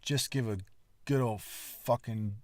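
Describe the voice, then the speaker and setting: In a medium-pitched voice at a slow pace, with no room sound, a man hosting a podcast spins out a long, rambling story. The casual delivery is lively and emphatic, full of cursing and pointed asides.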